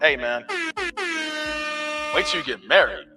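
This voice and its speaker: A man's voice: a little high, measured pace, long pauses, bright, forceful tone, breathy edge. A man in his forties hosting a casual live stream, telling loose stories full of street slang and swearing. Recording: distant mic with faint music.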